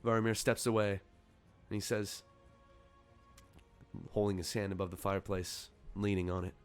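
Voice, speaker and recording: A man with a fairly low voice narrates a tabletop game as game master. He talks loosely, stumbling and restarting, while soft music plays faintly behind. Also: steady tone, moderate pace, long pauses.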